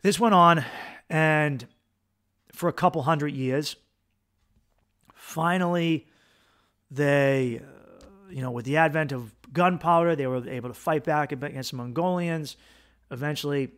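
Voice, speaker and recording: A man's voice: on the high side, unhurried, long pauses, a bit bright. A man hosting his own podcast, delivering a casual, opinionated monologue with profanity and sarcastic asides. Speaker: podcast host, comedian.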